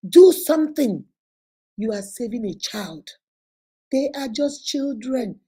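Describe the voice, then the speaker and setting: A Nigerian woman in her thirties hosts a casual talk. Her voice sits a little high and mellow, with a husky grain. She tells stories animatedly and puts on voices for the people she quotes. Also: low-quality recording. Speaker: vlog host.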